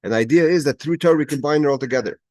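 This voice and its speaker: A man's voice: fairly high pitch, rapid-fire, darkish tone, dry recording. A man teaching a class on a Chassidic text, reading Hebrew phrases and translating each one, with frequent restarts and emphatic rising questions. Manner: reads Hebrew phrases, then translates them. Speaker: Torah teacher. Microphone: video call.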